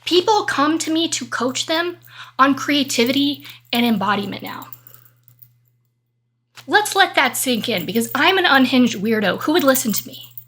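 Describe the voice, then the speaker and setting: A woman's voice: high-pitched, big pitch swings, moderate pace, a bit bright, breathy edge. A woman giving a monologue rant, talking emphatically and a bit aggressively, swearing freely. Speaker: vlogger.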